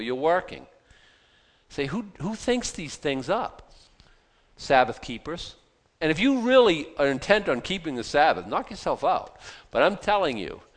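A man preaching in a casual Bible-teaching style. He is animated and joking, throwing out rhetorical questions and wry asides. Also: medium pitch.

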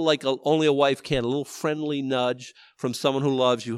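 A man's voice: medium pitch, steady tone, fairly quick, few pauses, smooth, dry recording. A man leading a Bible study, rambling and self-deprecating, with many restarts. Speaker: pastor.

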